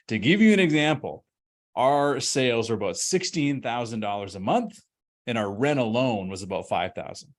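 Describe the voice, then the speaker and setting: A man who owns restaurants, giving a webinar presentation and telling his story in an energetic, conversational way. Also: medium pitch. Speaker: restaurant owner and consultant.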